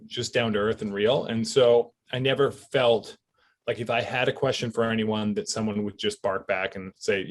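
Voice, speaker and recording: Relaxed Canadian man, mid-pitched. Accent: Canadian English. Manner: relaxed and reflective, with chuckles and many fillers. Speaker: actor guest. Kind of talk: casual interview chat.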